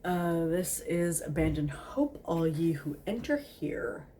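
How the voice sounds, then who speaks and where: Tipsy woman reading slowly, low voice. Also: animated, mellow, slight background noise. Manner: giggly, stumbling over words. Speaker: host. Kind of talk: tipsy casual story reading.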